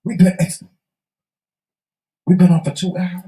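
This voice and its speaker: A man co-hosting a casual talk show, telling stories in an animated, teasing way and laughing often. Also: high-pitched, measured pace, echoey room, poor audio. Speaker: co-host. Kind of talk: casual chat.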